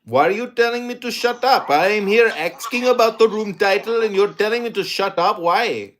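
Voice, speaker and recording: A man's voice: high-pitched, normal speed, fairly bright tone. A man from India, a participant in a live audio room, arguing indignantly and repeating himself insistently.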